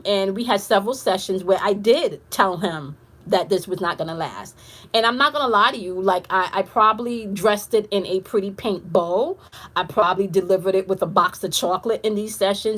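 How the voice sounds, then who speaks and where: A woman's voice: on the high side, a bit bright. A woman who works as an intuitive reader and coach tells a client story on a casual live stream. She talks bluntly, swears freely, and speaks straight to her viewers.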